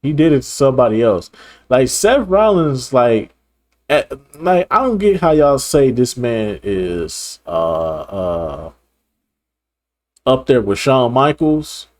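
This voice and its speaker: A man of ordinary pitch gives casual reaction commentary. He talks bluntly and swears freely. He often repeats himself and breaks into laughter. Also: sing-song, takes it slowly, a little mellow. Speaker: reaction video host.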